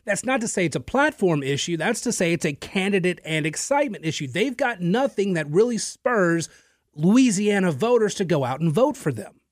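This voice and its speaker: Recorded dry on a studio mic, a man with a high voice and big pitch swings talks at a moderate pace. He's a radio talk show host giving listeners an emphatic, opinion-driven political monologue, dropping in the odd filler and repeated word.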